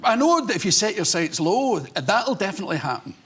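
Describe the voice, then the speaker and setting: Husky high-voiced Scottish man. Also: a little fast. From Scotland. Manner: animated, acts out voices in his stories. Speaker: comedian guest. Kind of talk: anecdotal interview storytelling.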